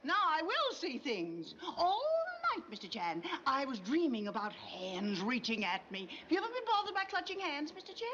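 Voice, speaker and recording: A woman's voice: high-pitched, moderate pace, hardly any pauses. A jittery, flustered comic girl. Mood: flustered, scared. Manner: excitable, flustered, squealing. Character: jittery, scatterbrained comic young woman. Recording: muffled old film soundtrack with loud hiss.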